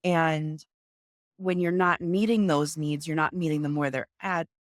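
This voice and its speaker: A young woman with a low voice talks over a video call as an interview guest. She explains things earnestly and acts out how she talks with her children. The sound is dry and close. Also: fairly even intonation, unhurried, dry recording. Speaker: guest, mother of two. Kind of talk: casual interview.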